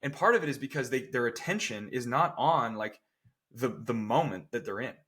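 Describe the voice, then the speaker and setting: Man, strength coach, casual podcast talk, emphatic, frequent "right?" check-ins, medium pitch. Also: animated, normal speed, fairly bright tone. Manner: acts out people's quotes with playful voices.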